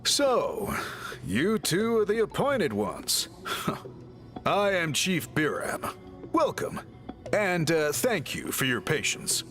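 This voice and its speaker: An actor voicing a giant, gentle male tribal chief in a video game, speaking with a deep, gurgling, solemn delivery. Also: huge pitch swings, takes it slowly, heavily acted. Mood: welcoming. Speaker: game character. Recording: game audio with music underneath.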